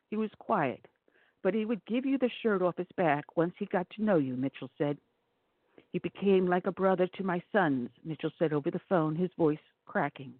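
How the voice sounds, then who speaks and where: A talk radio host reads news articles aloud on air in a steady delivery and sometimes stumbles over names. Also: mid-range voice, dry recording. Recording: tinny phone-like, dry sound.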